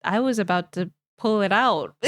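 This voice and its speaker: A woman's voice: mid-range voice, a bit bright, no room sound, studio quality. A young woman streamer chatting casually while she draws, rambling playfully and thinking aloud.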